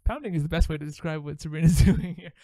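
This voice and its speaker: High-voiced podcast host, laughing often. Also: male voice, quick pace, no echo. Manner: animated, laughs often, swears casually. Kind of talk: casual chat.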